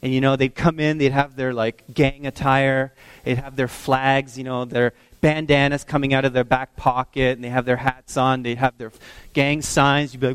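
A man preaching a sermon, telling stories in an animated way and acting out the voices of the people in them. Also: mid-range voice, moderate pace, clear, resonant tone, dry recording. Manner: animated storytelling, acts out voices. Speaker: pastor.

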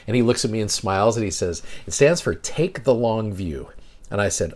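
A middle-aged seminary teacher hosting a podcast, telling a personal story in an earnest, reflective devotional talk. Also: male voice, on the low side, animated, fast.

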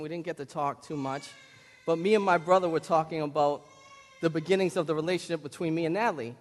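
Lynn-accented preacher man in reverberant hall. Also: fairly high pitch. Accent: Lynn, Massachusetts. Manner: animated storytelling, rising to loud bursts. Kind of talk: sermon.

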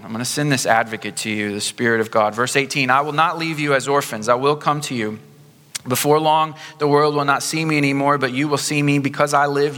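A male pastor preaches a sermon in a warm, conversational way, slowing down when he wants a point to land. His voice is bright and forceful. The sound carries the long reverb of a large church sanctuary. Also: medium pitch. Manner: conversational, slows down for emphasis.

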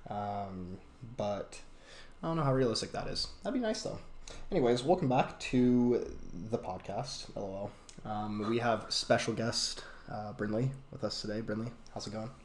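A man's voice: on the low side, normal speed, reverberant, a little hiss or hum. A young man hosting a podcast, telling a story in a rambling way with many fillers and restarts. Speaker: podcast host. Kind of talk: casual chat and storytelling.

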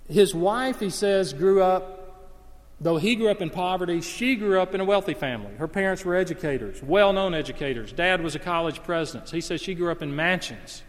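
A man pitched a little above the usual preaches a sermon from the pulpit. He moves between hushed, intimate storytelling and loud, impassioned emphasis. His voice carries a long reverb through a large hall. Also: expressive, a little fast. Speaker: pastor.

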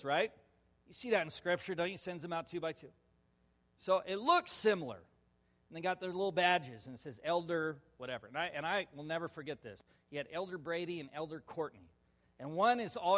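Guy pastor preaching, kinda high voice, big hall echo, laughs a lot and gets loud. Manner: animated, laughing storyteller with sudden loud shouts. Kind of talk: sermon storytelling. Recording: long reverb of a large hall.

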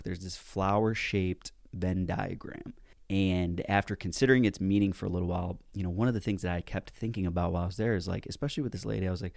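Deep gravelly man telling a story. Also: no echo, studio quality. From United States. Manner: casual, animated, mild swearing. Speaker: self-help speaker. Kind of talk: personal storytelling talk.

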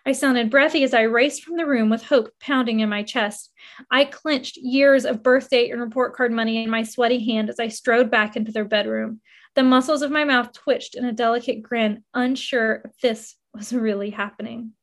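A woman narrating a first-person memoir in an expressive reading that rises with emotion. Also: on the high side, moderate pace.

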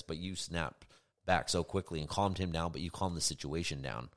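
A man's voice: sits low, brisk, fairly bright tone. A man co-hosting a podcast, talking earnestly about co-parenting and often agreeing with "right". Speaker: podcast co-host. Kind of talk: casual conversation.

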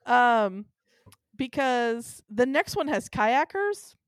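A woman's voice: a little high, big pitch swings, slow pace. A woman co-hosting a podcast in casual chat, rambling along with lots of ums and frequent laughs. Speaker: podcast co-host.

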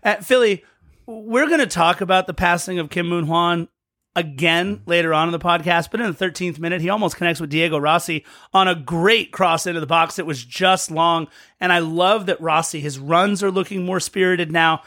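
High-voiced chatty podcast guy. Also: normal speed, sharp tone, dry recording, studio quality. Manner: chatty, play-by-play storytelling. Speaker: podcast co-host. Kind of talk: casual match recap.

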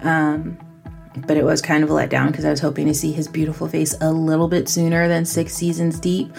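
A woman's voice: low voice, flat delivery, a little fast, creaky, a little mellow, soft background music. A woman hosting a casual solo podcast, chatty and self-mocking, laughing often as she talks. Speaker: podcast host.

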